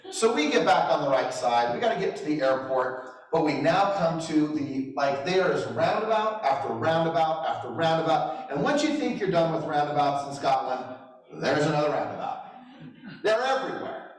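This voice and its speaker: A man's voice: fairly high pitch, big pitch swings, normal speed. A middle-aged man giving a motivational talk as a real estate trainer, telling stories with self-deprecating humor and chuckles. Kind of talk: motivational storytelling speech. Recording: echoey hall, distant mic.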